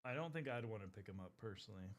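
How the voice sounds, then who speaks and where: A man's voice: on the low side, expressive, rapid-fire. A man streaming while painting miniatures, chatting casually with his viewers, rambling and swearing often. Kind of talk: casual live-stream chat.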